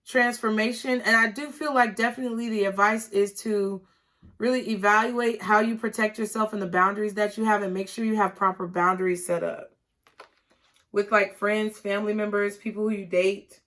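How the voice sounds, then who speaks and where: Her voice is medium-pitched and a bit bright, with fairly even intonation at a normal speed. Reading tarot casually for her viewers, she stays encouraging, repeats herself, and drops in frequent "okay?" asides.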